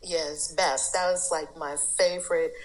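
A woman's voice: deep voice, measured pace, poor audio. A woman guest on a podcast, telling stories in casual chat and acting out what others said. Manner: animated storyteller, mimics others.

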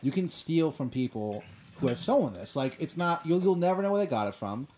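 A man improvising a bitter male octopus, once a mobster, who schemes and pleads in a hushed voice for a comedy bit. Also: fairly high pitch, sing-song, brisk, a little hiss or hum. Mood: scheming.

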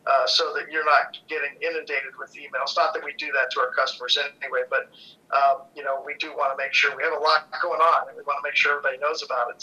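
Relaxed, easygoing man with a bright voice. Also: a little high. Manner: relaxed, chuckling, halting with fillers. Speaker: brewery owner on company podcast. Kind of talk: casual chat. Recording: dull lo-fi sound.

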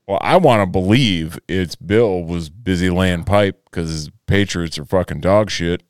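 A man's voice: low-pitched, measured pace, clean tone, dry recording, clean studio sound. A man co-hosting a podcast in casual chat, loose and profane, joking around. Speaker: podcast co-host.

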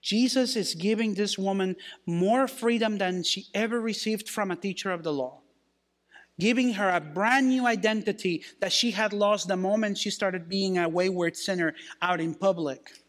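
A man with a high voice preaching a sermon as pastor. He quotes scripture and slows down to put weight on key phrases. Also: a bit bright.

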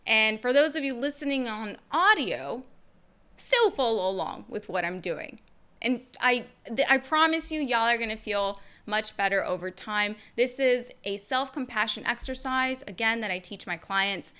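Bright-voiced candid woman podcaster. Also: on the high side, moderate pace, smooth. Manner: candid and expressive, slangy. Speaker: podcast host and therapist. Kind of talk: casual podcast monologue.

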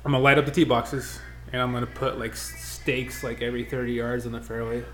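A man's voice: medium pitch, little pitch movement, quick pace, a bit bright, soft background music. A man co-hosting a casual chat, telling stories in a laid-back way and saying "yeah" often. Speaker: co-host, golf course worker.

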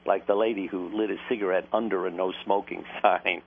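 Over a tinny phone connection with faint background noise, a male doctor being interviewed shares anecdotes earnestly, with an occasional laugh. He speaks briskly in a low, steady voice.

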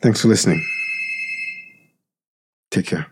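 A man's voice: sits low, slow pace, darkish tone, slightly rough. A man, a podcast host, reflecting casually on politics in a hesitant way, with many fillers and restarts.

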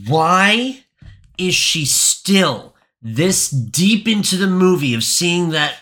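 A man co-hosting a podcast, ranting about a movie with profane exasperation and sudden shouts; his voice is going hoarse. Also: sits high, sing-song, takes it slowly. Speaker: podcast co-host.

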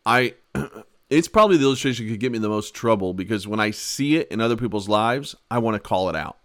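A man who is a pastor and podcast host, giving a conversational Bible teaching in an emphatic way, repeating his key words and swinging between loud and soft. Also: lowish voice, lively intonation, fast talker, no echo, clean studio sound.

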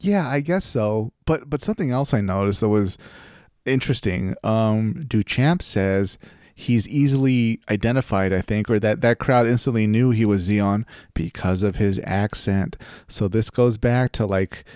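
A man co-hosting a podcast in casual chat, animated and laughing often, his voice jumping up when he gets excited. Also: lowish voice, moderate pace, dry recording, studio quality. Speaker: podcast co-host.

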